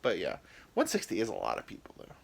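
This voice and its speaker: A man's voice: lowish voice, huge pitch swings, racing, gravelly, husky. A man in his thirties hosting a podcast, telling rambling, self-deprecating comic stories about his anxiety with women. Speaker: podcast host. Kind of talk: rambling comedic storytelling.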